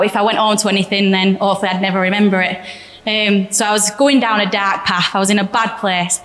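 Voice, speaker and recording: A woman's voice: on the high side, a bit bright. A young woman giving a candid, chatty personal testimony in church, often laughing. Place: church hall. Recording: echoey church hall reverb.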